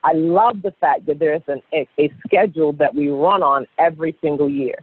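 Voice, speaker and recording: A woman speaking as a sales director on a motivational conference call, excitable and gushing, often repeating herself. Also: low voice, brisk, breathy edge. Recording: tinny phone line.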